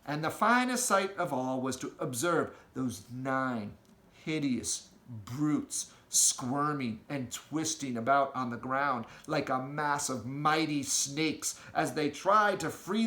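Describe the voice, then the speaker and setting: A man reading a children's storybook aloud with an expressive, storytelling delivery, in an echoey room. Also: fairly high pitch, takes it slowly. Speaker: audiobook reader.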